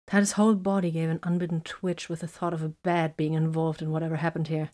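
A woman narrating a romantic story in a soft, intimate, often whispered reading. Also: fairly low pitch, level tone, brisk, few pauses.

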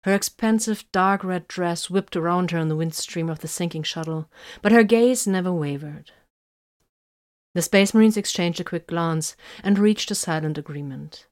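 A woman with a lowish voice narrates an audiobook at a moderate pace, telling the story in a steady, even way.

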